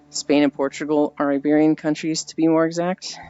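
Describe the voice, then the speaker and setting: On a live stream, a US man with a slightly mellow, higher-pitched voice rambles along in a chatty way, reads the chat out loud, and laughs at his own stories. Faint background music sits under dull, lo-fi sound.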